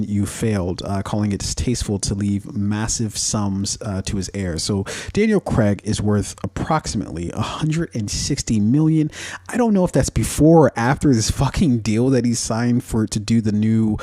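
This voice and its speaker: A man hosting a casual commentary podcast, his voice warm and mellow rather than bright. He rambles through his points with plenty of fillers, curses freely and laughs at his own asides. The sound is dry and close, with no room echo. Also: on the low side, normal speed. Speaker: podcast host.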